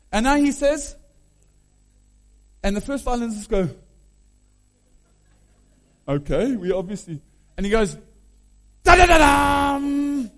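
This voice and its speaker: A man preaching a sermon, animated, humming tunes and questioning his listeners. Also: extremely high pitch. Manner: animated, hums and sings melodies aloud; asks the audience questions.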